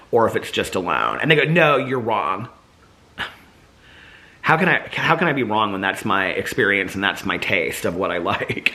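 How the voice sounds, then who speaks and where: Guy rambling to his vlog camera, lots of ums and likes, bright and lowish. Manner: rambling, digressive, many fillers and restarts. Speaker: vlogger. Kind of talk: casual chat to camera.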